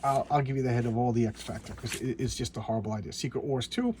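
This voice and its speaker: A comic book reviewer's fast, steady, slightly mellow mid-range voice comes through over slight background noise. He talks casually and sarcastically about an old comic, rambling with frequent restarts and asides that trail away.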